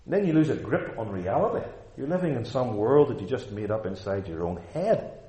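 A man's voice: mid-range voice, big pitch swings, brisk, warm tone. A man preaching a sermon in a church, emphatic and fond of rhetorical questions. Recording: echoey room.

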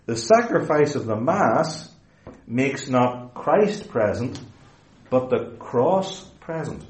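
A man preaching a theological lecture-sermon, emphatic and deliberate, stretching key words and correcting himself as he explains. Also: mid-range voice, big pitch swings. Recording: roomy echoey hall.

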